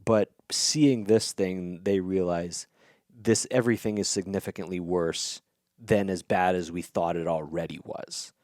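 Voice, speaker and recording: A man's voice: sits low, fairly even intonation, unhurried, darkish tone, no room sound, studio quality. A man hosting a podcast, casually retelling a fantasy novel in a loose, chatty way with lots of fillers and some swearing. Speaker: podcast host.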